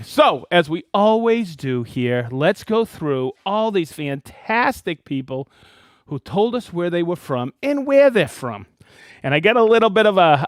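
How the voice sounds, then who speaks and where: Lively, animated male live-stream host. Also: fairly high pitch, no room sound, studio quality. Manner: excited, animated, reading viewer shout-outs. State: worked up and dusty after a demo. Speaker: host of a live product show. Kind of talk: casual live-stream chat.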